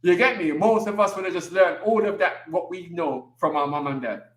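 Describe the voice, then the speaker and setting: Animated man with street slang. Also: high voice, brisk, roomy sound. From England. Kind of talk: casual chat.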